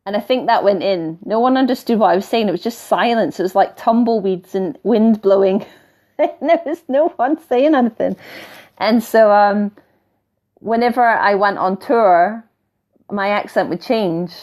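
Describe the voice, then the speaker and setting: On her live stream, a middle-aged Scottish woman with a softened accent works through viewer comments as a spiritual teacher, casual and rambling, laughing often in a coaching tone. She speaks at a medium pitch and normal speed.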